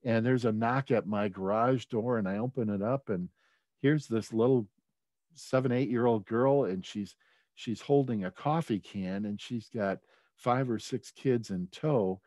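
Low-voiced man telling a story. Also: measured pace, a little mellow, no room sound. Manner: conversational, many fillers and restarts, gets choked up. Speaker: speaker at a leadership talk. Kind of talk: personal storytelling talk.

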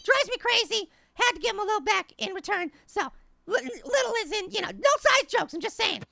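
In this cartoon-character game commentary, the voice is extremely high and gravelly with slight background noise, pushed into an exaggerated delivery. A gaming channel host voices a tiny, cheeky apple who trades quick, excitable trash talk with opponents while playing a basketball video game.

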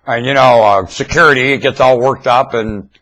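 Husky-voiced man rambling into a webcam. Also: medium pitch, moderate pace, fairly bright tone. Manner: rambling, repeats himself, stammers on I. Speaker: webcam vlogger. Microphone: webcam mic.

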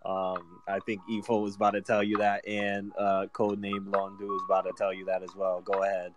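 A man's voice: deep voice, completely flat delivery, a little fast. A man hosting a live audio chat, tired from lack of sleep, talking in a loose, chatty way. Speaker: host. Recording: music playing behind.

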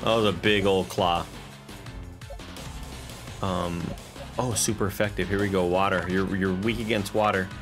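Deep-voiced, swearing male streamer. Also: unhurried, pauses often. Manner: excitable, swears often, talks to game and chat. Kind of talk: casual live-stream commentary. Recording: game music playing under voice.

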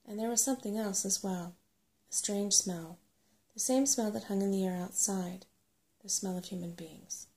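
A woman reads a storybook aloud in a soft-spoken ASMR manner. Her delivery is gentle and unhurried. A light gravelly texture runs through her voice. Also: medium pitch.

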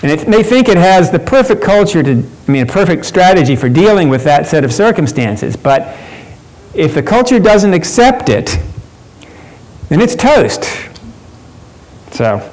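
A man's voice: high voice, very animated, unhurried, a little mellow, poor audio. Man giving a conference workshop talk. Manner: conversational, with frequent fillers and restarts. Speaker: conference presenter.

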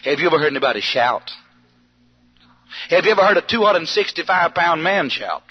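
A man preaching a storytelling sermon, animated, bursting into shouts and yells as he tells it. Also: on the high side, brisk, breathy edge. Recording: dull lo-fi archive sermon tape with faint hiss.

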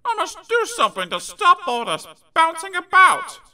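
A man voicing a small, bouncy rubber-ball fellow in a children's storybook, squeaky and high, sorry for himself. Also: wildly swooping pitch, normal speed, sharp tone, far from the mic, exaggerated voice. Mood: fretful.

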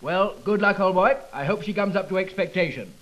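A man's voice: sits high, brisk, fairly bright tone, lo-fi sound. A man playing a jovial young man-about-town in a 1930s comedy sketch, bantering in a hearty upper-class way on an old record.

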